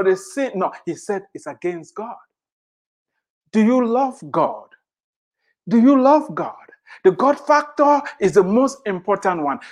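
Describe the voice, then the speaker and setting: Driving every point home, this preacher, who immigrated to the United States, lets their voice soar high and sink low through a passionate sermon. They push the congregation by repeating key phrases and piling on rhetorical questions.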